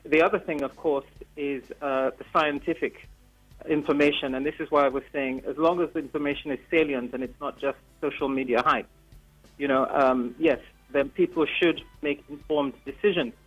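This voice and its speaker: A man with a somewhat high voice joins the panel over a remote link, earnest and persuasive and filling his pauses with ums. The line sounds dull and lo-fi, with faint music in the background. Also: steady tone, fairly bright tone, breathy edge. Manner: earnest, persuasive, with many fillers. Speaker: panel guest.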